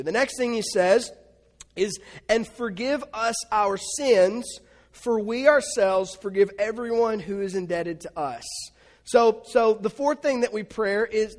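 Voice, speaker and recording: Casting: high-pitched male preacher, thirties, casual storytelling delivery, long hall reverb. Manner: conversational, illustrates with family stories. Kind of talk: sermon.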